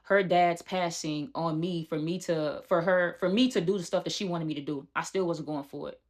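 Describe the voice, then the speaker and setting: A young woman telling a personal story in a casual vlog, animated and talking straight to her viewers. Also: fairly low pitch, normal speed. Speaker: storyteller vlogger.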